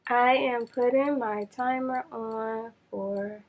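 A woman chatting to viewers in a casual makeup challenge vlog, flustered and rushing against a timer. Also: on the high side, fairly even intonation, low-quality recording. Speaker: beauty vlogger.

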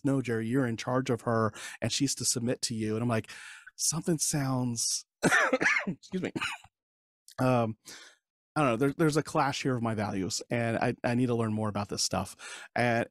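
Animated man telling a story. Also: mid-range voice, no room sound, studio quality. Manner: animated, acts out quoted dialogue, laughs often. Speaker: podcast guest. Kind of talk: casual interview storytelling.

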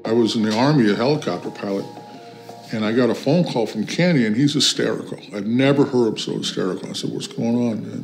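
A man's voice: mid-range voice, fast, a little mellow, soft background music. A man giving a documentary interview, telling about family events in plain storytelling with repeated words. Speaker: interviewee, son.

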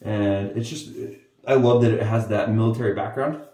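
In this casual head-shaving video, the man keeps chatting eagerly to his viewers and calling them "guys." His voice is on the low side, warm and steady at a moderate pace, recorded with a distant mic and roomy echo.

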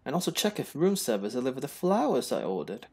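Brief: man doing a posh, flustered young 1920s gentleman, raised pitch, gravelly, animated. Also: quick pace. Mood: dreamy. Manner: posh, breathless, nervous. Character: anxious, lovestruck young man in 1920s hotel. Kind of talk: posh put-on voice.

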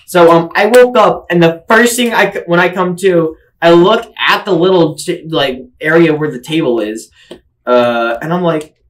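A man recounting a story on a casual podcast, his voice sitting a little high. He rambles with plenty of fillers and breaks into laughter as he goes. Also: normal speed, fairly bright tone, low-quality recording. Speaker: podcast co-host telling stories. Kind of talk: casual chat, animated storytelling.

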